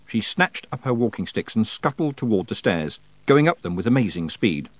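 A man reading an audiobook in measured scripted narration. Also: deep voice, expressive, dry recording. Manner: measured storytelling.

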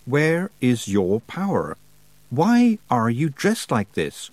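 A man reading an audiobook, voicing a cold male winter spirit who speaks in a slow, stilted, inhuman way. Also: medium pitch, huge pitch swings, darkish tone, dry recording. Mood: demanding. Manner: slow, oddly stilted speech. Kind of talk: audiobook character voice.

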